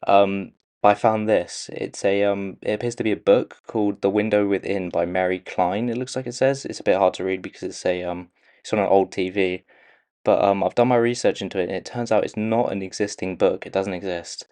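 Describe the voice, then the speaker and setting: A man casually breaking down a movie trailer for his channel, pausing often with "um"s and restarting his sentences. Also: low-pitched, fairly even intonation, a little mellow. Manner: hesitant, many "um"s and restarts. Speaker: video creator analysing a movie trailer. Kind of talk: casual commentary.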